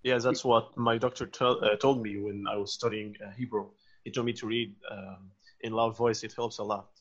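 Man, student, hesitant, low voice, muffled audio. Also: level tone, normal speed. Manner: hesitant, filler-heavy, polite with sir. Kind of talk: online lesson chat.

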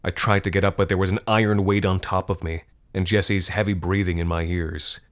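A man reading a scripted horror story in a measured, grim manner. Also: low voice, level tone, a bit bright.

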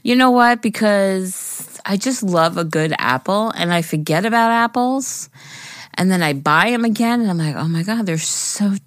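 A woman co-hosting a podcast, talking in a soft, relaxed way and drawing out her praise. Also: mid-range voice, normal speed, no room sound, studio quality. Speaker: podcast co-host. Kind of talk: casual chat.

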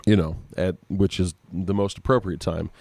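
A low-pitched man with vocal fry and a mellow, slightly rough tone talks at normal speed with fairly even intonation, recorded without echo. He co-hosts a podcast remotely from home and also works as a guitar effects artist; freshly awake, he rambles drowsily and searches for words.

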